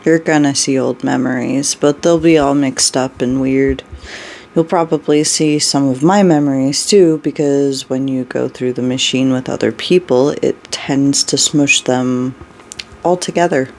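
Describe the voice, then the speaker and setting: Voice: medium pitch, steady tone, measured pace, a little hiss or hum, lightly acted. A reader doing a panicked, swearing young man. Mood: flat. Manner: shouting, urgent and panicked. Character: frightened urgent young man, blunt and profane. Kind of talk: reading a story aloud.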